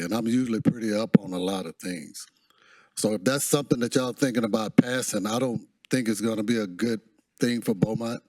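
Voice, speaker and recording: Earnest low-voiced man at the podium. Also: a little mellow, no room sound. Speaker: public commenter. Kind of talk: public comment at council meeting.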